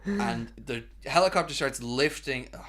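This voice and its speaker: A man co-hosting a relaxed podcast conversation. He speaks in a laid-back, wry, agreeable way. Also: medium pitch, moderate pace. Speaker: podcast co-host. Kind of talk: casual chat about movies.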